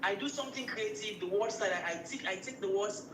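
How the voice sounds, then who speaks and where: A man's voice: sits high, fairly quick, fairly bright tone, reverberant, a little hiss or hum, rough recording. A man from Sierra Leone with a Sierra Leonean accent, a musician guest in a casual interview, often repeating phrases as he explains.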